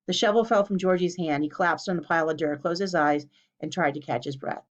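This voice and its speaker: A woman reading a children's storybook aloud in a clear, steady way. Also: sits low, quick pace. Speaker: narrator. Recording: dull lo-fi recording.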